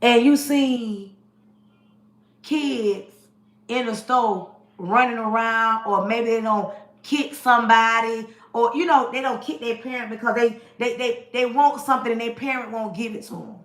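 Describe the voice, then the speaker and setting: A woman in her forties with a high voice delivers a forceful, preachy livestream rant and talks straight to her viewers. The recording has a roomy echo. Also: a little slow. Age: 40s. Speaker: livestream host. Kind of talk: casual livestream monologue.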